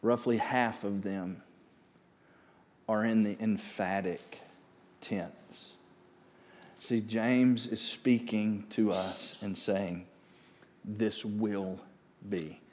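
Slow-speaking male pastor preaching. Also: on the low side, long reverb tail. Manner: slow, rising to loud animated preaching. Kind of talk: sermon.

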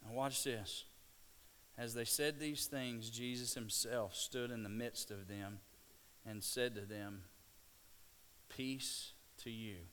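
Slow-paced animated male preacher. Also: mid-range voice, a little hiss or hum. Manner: animated storytelling, stammering restarts. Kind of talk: sermon.

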